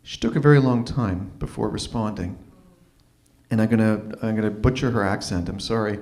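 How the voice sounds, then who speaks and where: A man's voice: fairly low pitch, brisk. Man telling a personal story at an open mic. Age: 30s. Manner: animated, acts out quoted voices. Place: live open mic venue.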